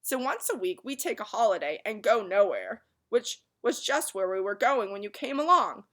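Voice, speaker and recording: A woman's voice: medium pitch, expressive, moderate pace, fairly bright tone, lightly acted. Woman doing a lazy drawling Lethargarian. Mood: coaxing. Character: lazy, slow-talking male Lethargarian who loves doing nothing.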